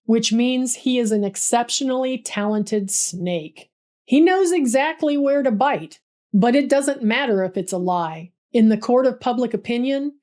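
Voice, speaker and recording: A woman playing a proud male civil rights organizer in a history storytelling piece, lowering her pitch a little. He speaks with a mid-Atlantic accent, each word measured and cutting. His dignity carries a bitter edge. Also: a little mellow.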